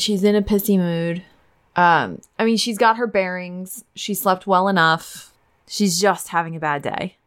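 A woman playing in a tabletop game, talking in a casual, laid-back way about her character. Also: lowish voice. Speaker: player.

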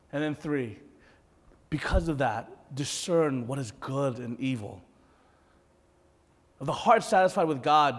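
Conversational male pastor in a reverberant hall. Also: a little high. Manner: conversational, animated, addresses audience directly. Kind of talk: sermon.

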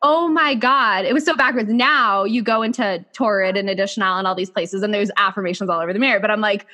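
Bright-voiced woman podcast host storytelling. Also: medium pitch, fast. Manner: animated, filler-heavy "like" talk. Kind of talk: casual storytelling chat.

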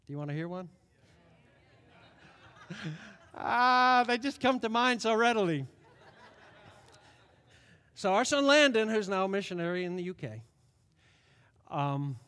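A middle-aged man preaches with a high-pitched voice that rings out through a long reverberant hall. He tells stories animatedly, rising loud and dropping soft. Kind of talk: sermon.

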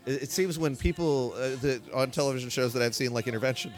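A man's voice: mid-range voice, fast talker. A man hosting a podcast, chatting casually in a bar and rambling with lots of fillers. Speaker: podcast host. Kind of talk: casual bar-room chat. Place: bar, indoors.

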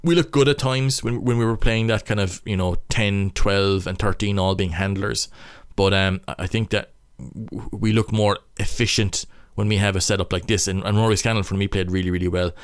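Irish man, young, low smooth voice, stop-start casual rugby analysis. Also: fairly even intonation, moderate pace, few pauses, dry recording, clean studio sound. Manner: stop-start, thinking aloud. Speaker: rugby player analysing match footage. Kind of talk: casual match breakdown commentary.

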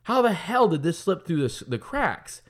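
A man's voice: a little high, big pitch swings, normal speed. A man who runs a business, telling a frustrated story in a casual, profane, heated monologue. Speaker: business owner opening a kart track.

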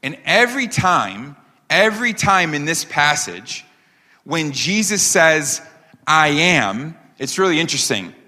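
A man preaching a sermon as pastor, emphatic, asking rhetorical questions and slowing down on key phrases. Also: on the high side, sing-song, pushed and bright. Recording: long hall reverb.

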